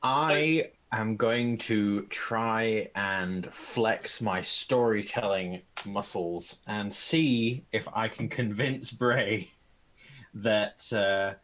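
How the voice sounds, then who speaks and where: Male player, very slow halting talk, mid-pitched, faint background noise. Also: fairly bright tone, poor audio. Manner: slow, halting, searching for words. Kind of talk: casual tabletop game chat.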